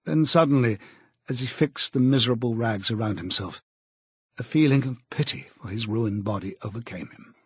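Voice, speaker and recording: Casting: male audiobook narrator, husky voice, grave and even, dry close recording. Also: medium pitch, moderate pace, dry recording.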